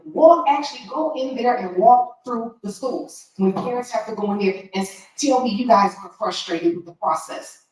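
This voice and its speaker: A woman school board trustee speaking with emotion, direct and frustrated, at a board meeting. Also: on the high side. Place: large meeting room. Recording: echoey hall from far off.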